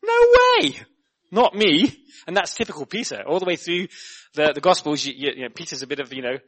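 A young man preaching a sermon in a chatty, animated way, repeating words and putting questions to the listeners. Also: on the high side, fast. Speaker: guest preacher.

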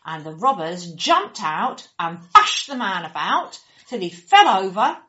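A woman telling a children's story in an animated, expressive way, acting out the characters and making sound effects. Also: mid-range voice, unhurried. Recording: dull lo-fi recording.

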